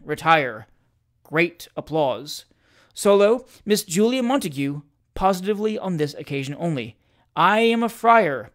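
Theatrical reader of comic classic fiction. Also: medium pitch. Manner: lively, theatrical narration with shouted character lines. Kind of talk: dramatic reading of a comic story.

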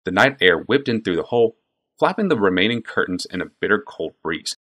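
A man narrating a fantasy audiobook in expressive storytelling. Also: fairly low pitch, a little fast. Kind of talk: scripted narration.

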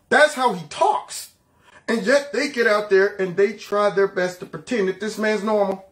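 A man's voice: sits high, normal speed. Sarcastic man hosting political commentary. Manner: sarcastic, mocking, animated. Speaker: commentary host.

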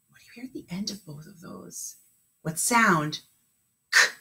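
A woman's voice: fairly low pitch, expressive, moderate pace, long pauses, bright, forceful tone. A woman teaching a remote kindergarten lesson, talking in an encouraging, sing-song way with lots of praise.

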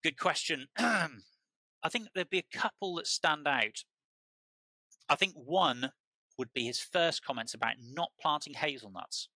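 A British man with a very bright, sharp voice tells stories as a podcast guest. He rambles and keeps restarting and repeating words. The recording is dry and close. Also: on the high side, animated, a little slow, no echo, poor audio. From United Kingdom. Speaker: truffle grower, podcast guest. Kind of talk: casual conversational storytelling.

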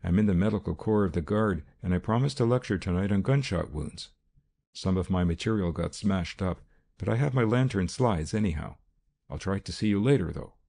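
A man's voice: low-pitched, fairly quick, creaky, warm tone. A man voicing an easygoing male doctor excusing himself, in an audiobook. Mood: offhand.

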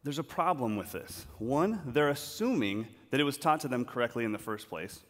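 On a large auditorium stage, a man gives a storytelling talk, animatedly acting out scenes as he goes. His voice is mid-range and his pace is normal, and the hall adds a long reverb.

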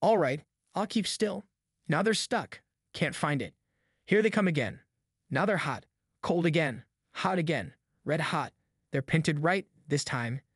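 A man reads a nervous, mischievous boy in an audiobook, trying to sound brave in country dialect. His voice sits a little high, and the sound is dry and close. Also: animated, measured pace, pauses often, slightly rough, no echo, full character voice. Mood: nervous whisper.

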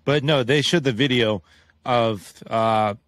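A man chatting on a casual podcast, his speech halting with restarts and offhand swearing. His voice sits at a middle pitch. The recording is dry and close. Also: fairly bright tone, no echo. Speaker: podcast co-host. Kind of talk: casual chat.

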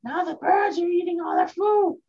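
A man's voice: very high-pitched, normal speed, voice pushed up. A man voicing a fussy cartoon housewife, scolding in a nasal drawl, on a dull lo-fi recording. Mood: nagging.

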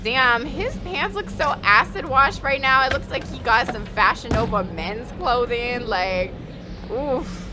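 A woman's voice: on the high side, expressive, measured pace. A young woman doing let's play commentary, crude and jokey, yelping when scared. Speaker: gaming YouTuber. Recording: game music behind.

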